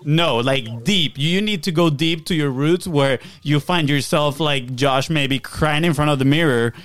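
Smooth-voiced man musing on a podcast. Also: fairly high pitch, a little slow, fairly bright tone, no room sound. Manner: reflective, tag questions "right?". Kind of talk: casual podcast conversation.

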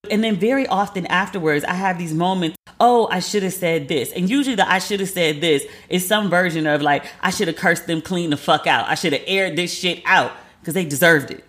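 Woman host, thirties, casual storytelling, animated and profane, voices the people she quotes. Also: on the low side, brisk, hardly any pauses. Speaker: podcast host.

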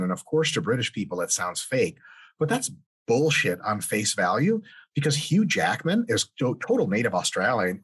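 A man's voice: lowish voice, very animated, moderate pace, a bit bright, husky. A man hosting a podcast interview, talking casually with joking, profane asides. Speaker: podcast host.

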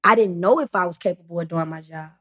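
A woman's voice: on the low side, a bit bright. A young adult woman, a podcast guest, talking in a casual storytelling way, full of fillers and restarts. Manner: halting, many fillers and restarts.

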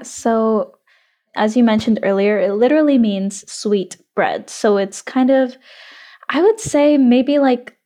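A woman chatting as a podcast guest, lively and descriptive, with casual "like" and "um" fillers. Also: a little high.

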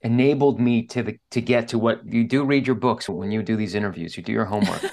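A man's voice: lowish voice, steady tone, fast, a little mellow. A man speaking as an interview guest, telling a candid personal story in an earnest, openly emotional way. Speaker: guest author.

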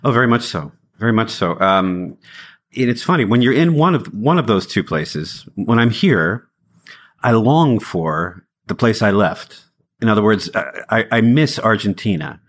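A man's voice: fairly low pitch, animated, normal speed. A middle-aged singer-songwriter talking in a thoughtful, conversational way as an interview guest, laughing easily and restarting his phrases.

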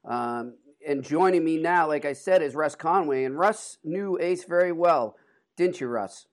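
A man's voice: a little high, a little slow. Earnest Boston-accented man in his thirties. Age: 30s. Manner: earnest, conversational storytelling. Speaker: podcast host. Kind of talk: sports podcast chat.

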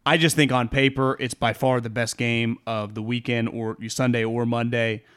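A man co-hosting a sports betting podcast, talking in a rambling, animated way with frequent swearing and laughs. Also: medium pitch, normal speed, clean tone. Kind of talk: casual sports chat.

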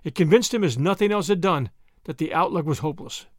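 A man narrating an audiobook in an expressive storytelling delivery. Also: fairly high pitch, fast talker, no room sound, clean studio sound.

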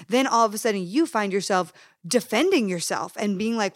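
A woman hosting a podcast who chats casually in an expressive, relatable, animated way. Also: medium pitch, a little fast, dry recording, studio quality. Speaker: podcast host. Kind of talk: casual chat.

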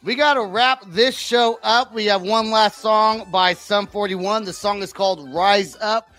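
A man's voice: high voice, unhurried, music in the background. A man hosting a podcast in laid-back casual chat who laughs easily and introduces the songs. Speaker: podcast host.

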